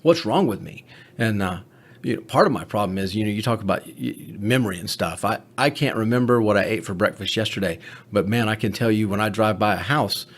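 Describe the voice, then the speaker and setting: A man's voice: fairly low pitch, quick pace, a bit bright. A man who is a paramedic, telling candid stories in a podcast conversation, blunt and profane. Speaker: paramedic co-host.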